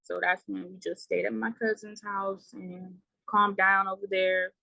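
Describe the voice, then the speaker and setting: A young woman telling a painful personal story in a halting way, with many fillers and trailing words. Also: mid-range voice, little pitch movement, vocal fry, pushed and bright, no room sound, poor audio. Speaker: guest. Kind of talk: emotional personal account.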